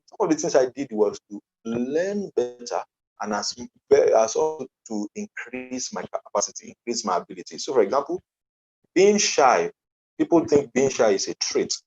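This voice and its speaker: A man's voice: mid-range voice, sing-song, measured pace, creaky, darkish tone, breathy edge. A man with a Nigerian accent giving an earnest motivational conference talk as a coach, emphatic and repeating his key phrases. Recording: dull lo-fi online conference audio.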